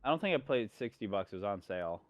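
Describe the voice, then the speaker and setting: A man's voice: lowish voice, very animated, quick pace. A young man co-hosting a podcast, chatting casually and animatedly, swearing and laughing often. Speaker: podcast co-host. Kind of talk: casual chat.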